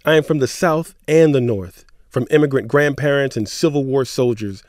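A man co-hosting a radio show, reading poetry lines in an earnest, measured voice with a middle pitch. The recording is dry and close. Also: a little mellow, dry recording. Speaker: radio co-host.

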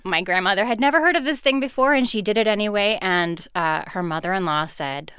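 A woman's voice: mid-range voice, fairly quick, fairly bright tone, clear, resonant tone, no room sound, studio quality. A woman guest in a casual radio interview, cheerful, laughing often and explaining things with care. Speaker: guest, colleague in digital media.

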